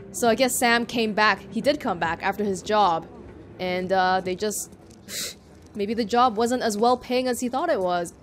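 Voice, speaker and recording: A woman's voice: mid-range voice, slight background noise. A woman hosting a let's play, chatting casually and sarcastically over the gameplay.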